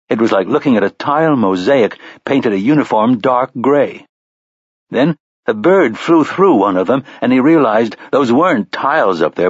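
A man narrating an audiobook in a measured storytelling manner, on a slightly dull recording. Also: mid-range voice, breathy edge, no echo. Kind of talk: scripted narration.

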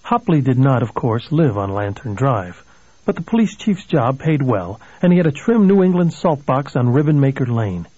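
Husky male audiobook narrator. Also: medium pitch, dry recording, dull audio. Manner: measured, steady storytelling. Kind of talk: audiobook reading.

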